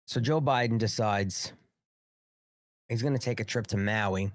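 A man's voice: on the low side, unhurried, long pauses, no room sound, studio quality. A man hosting a casual live political show, rambling and sarcastic with frequent swearing. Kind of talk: casual live-stream commentary.

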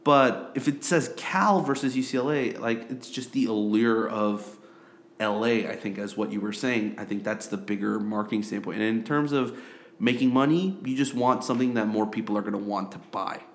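A man's voice: lowish voice, normal speed. A young man who grew up in Korea, co-hosting a casual sports podcast, rambling with lots of fillers and repeated phrases. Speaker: podcast co-host.

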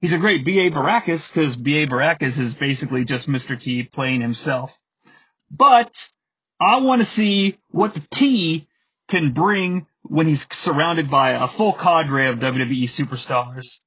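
A man's voice: a little high, expressive, measured pace, a bit bright, breathy edge, highs cut off. A man in his thirties hosting a podcast, giving chatty, digressive solo commentary. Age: 30s. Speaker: podcast host.

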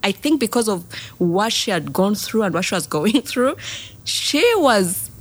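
A woman's voice: medium pitch, animated, a little slow, breathy edge. A middle-aged woman, telling a personal childhood story as a guest, emotional and laughing between lines. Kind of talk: personal testimony in a podcast interview.

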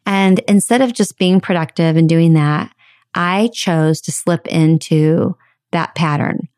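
Candid, animated woman podcast host. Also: on the low side, measured pace, smooth, dry recording, clean studio sound. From United States. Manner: candid, animated, swears casually. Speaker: podcast host and life coach. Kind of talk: personal storytelling monologue.

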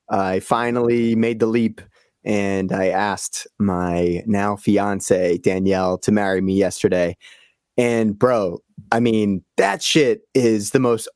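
A man, a podcast guest telling a story in casual, animated chat and swearing freely. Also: on the low side, dry recording, studio quality. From Boston area.

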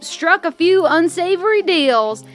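An earnest elf druid, played by a woman, rallies her people in a high, folksy voice. Faint music hums in the background. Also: expressive, unhurried. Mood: rallying. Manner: folksy, rallying speech. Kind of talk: tabletop role-play.

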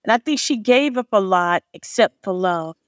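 A woman's voice: medium pitch, animated, normal speed, clear, resonant tone, dry recording, studio quality. A woman author being interviewed on a podcast, effusive and emotional as she speaks. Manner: effusive, tearful gratitude. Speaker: author guest.

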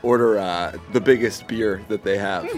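A man's voice: lowish voice, moderate pace, soft background music. A man playing a tabletop game, chatting playfully. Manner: playful, laughing. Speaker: player. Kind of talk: casual tabletop play.

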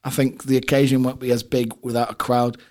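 A man's voice: medium pitch, level tone, brisk, mellow. A man co-hosting a football podcast, chatting casually with banter and jokes. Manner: joking, banter-filled. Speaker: podcast co-host.

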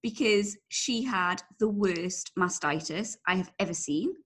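A woman in her thirties from England, co-hosting a podcast in casual chat, self-deprecating and quick to laugh. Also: mid-range voice. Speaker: podcast co-host.

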